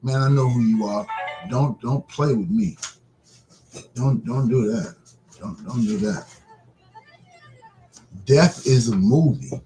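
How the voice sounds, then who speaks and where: Mellow-voiced man preaching casually. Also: mid-range voice, low-quality recording. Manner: repetitive, preacherly, drawn-out phrases. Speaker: broadcast host.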